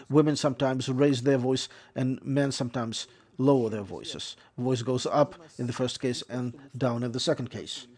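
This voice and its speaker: A man delivers an English lecture on interpreting at a measured pace, frequently correcting himself as he explains. His voice is medium-pitched and a little mellow.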